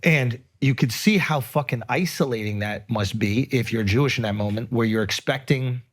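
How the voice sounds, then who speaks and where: A man's voice: mid-range voice, normal speed. A man hosting a podcast, talking in an earnest, emphatic way with frequent swearing. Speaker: podcast host. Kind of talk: casual podcast chat.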